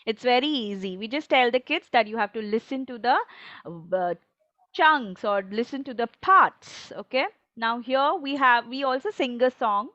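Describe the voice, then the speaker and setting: A woman's voice: a little high, normal speed, fairly bright tone, no echo, muffled recording. A woman training teachers on a video call, patient and encouraging, often checking that everyone follows.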